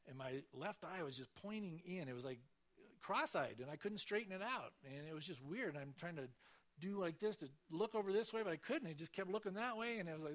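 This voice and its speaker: Man telling a church testimony, slightly high. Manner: conversational, animated storytelling with acted quotes. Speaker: church speaker giving testimony. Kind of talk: sermon testimony storytelling.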